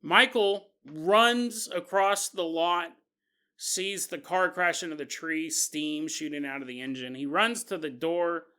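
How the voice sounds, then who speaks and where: A man hosting a podcast, telling a spooky story in an animated, conversational, jokey way. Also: on the high side, a little slow, clear, resonant tone. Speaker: podcast host. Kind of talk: storytelling narration.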